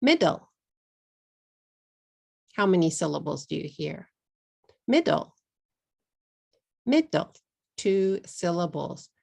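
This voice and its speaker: Texan woman, English teacher, low gravelly voice, slow careful drilling of words. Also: big pitch swings, dark tone. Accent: Texas. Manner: slow, drawn-out model words, repeated for learners. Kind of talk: pronunciation lesson.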